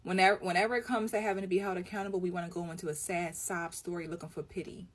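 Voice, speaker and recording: Woman, lowish voice, scolding and preachy commentary. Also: steady tone, very fast. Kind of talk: commentary to camera.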